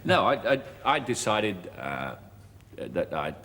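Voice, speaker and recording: A man's voice: lowish voice, very animated, slow pace, a bit bright. A man with a Cockney accent, a talk show guest telling jokey anecdotes with stammered restarts. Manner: wry, joking, with stammered restarts. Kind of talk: chatty anecdotal interview. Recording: archive TV studio with hall echo and faint hiss.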